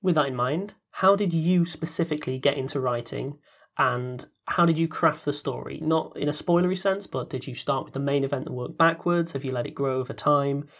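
A man hosting a question session, reading out questions in a measured, steady way. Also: a little high. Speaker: podcast director and interviewer.

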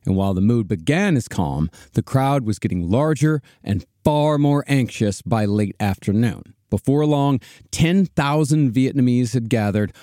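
A man's voice: medium pitch, lively intonation, a little slow, warm tone, no room sound, studio quality. A man hosting a history podcast, narrating a story steadily with some hesitant fillers. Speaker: podcast host telling history.

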